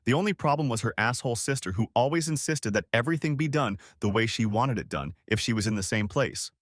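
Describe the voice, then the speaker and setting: A man reads a first-person story aloud in audiobook style, with a pitch that moves freely up and down. His voice sits in the middle of the range and sounds close and dry, with no room in it. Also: fast talker, no echo. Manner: steady storytelling. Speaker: story narrator.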